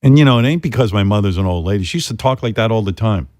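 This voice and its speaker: A man's voice: fairly low pitch, animated, racing, a little mellow, dry recording, studio quality. A man hosting a radio talk show, telling stories in a blunt, profane, exasperated way. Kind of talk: talk radio chat, storytelling.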